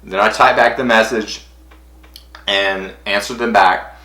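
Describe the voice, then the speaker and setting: A young man vlogging, telling a story in an excited, rambling way, full of "like" and acted-out quotes. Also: measured pace, echoey room. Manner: breathless, rambling, acts out quotes in high squeals.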